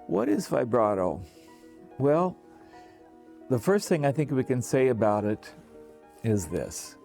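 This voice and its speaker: A man's voice: mid-range voice, takes it slowly, gravelly, soft background music. Man explaining singing technique. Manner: relaxed, thinking aloud with restarts and sung demonstrations. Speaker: singing teacher. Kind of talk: explaining to camera.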